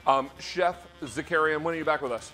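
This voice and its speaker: Cheery tv shopping host guy, kinda high voice, faint music under it. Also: a little fast. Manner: upbeat salesy patter with showman shouts. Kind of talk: live TV shopping demo.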